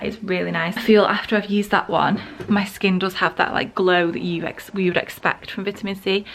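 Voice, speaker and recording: A woman's voice: lowish voice, a little hiss or hum. A young woman chatting casually in a vlog, a bit out of breath and rambling with many fillers. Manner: rambling, full of fillers and restarts. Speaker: vlogger. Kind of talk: casual skincare vlog chat.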